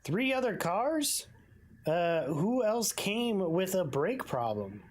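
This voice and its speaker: A woman reading the lines of a skeptical male detective in a video game, in a low, unhurried voice close to her own. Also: sing-song, a little mellow, heavily acted. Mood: probing. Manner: questioning, skeptical. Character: probing male detective, the player character.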